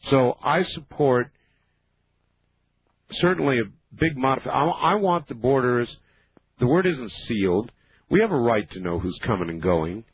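A man hosting a late-night call-in radio show, folksy and opinionated as he rambles through his thoughts. His voice is husky, and it comes through a dull, muffled radio broadcast. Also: medium pitch, animated, measured pace, long pauses. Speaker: radio talk show host.

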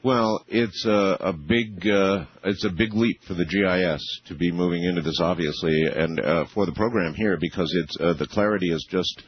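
A man's voice: sits low, moderate pace, hardly any pauses, slightly rough. A man hosting a radio talk show, interviewing guests and reacting with amazement, often restarting his sentences. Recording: muffled lo-fi radio audio.

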